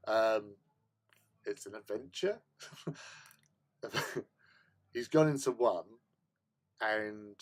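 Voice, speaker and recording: A man, hosting a casual hobby stream, tells a story with lots of laughter and stammered repeats. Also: lowish voice. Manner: animated, laughs often, stammers and repeats words. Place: home hobby room.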